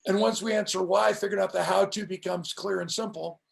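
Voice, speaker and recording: A middle-aged man telling stories as a motivational speaker in an interview, with an emphatic, preacher-like cadence that slows down for punch lines. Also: high voice, fairly even intonation, creaky. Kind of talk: storytelling on a live stream interview.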